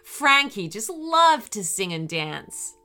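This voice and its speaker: A woman hosting a children's story podcast, telling the story in an animated storyteller's manner. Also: medium pitch, slow.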